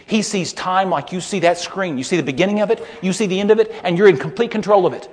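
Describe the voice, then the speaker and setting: A man giving a sermon-style Bible lecture, telling stories emphatically and building to loud peaks. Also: high voice, fast, few pauses. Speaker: lecturer, preacher. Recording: long hall reverb.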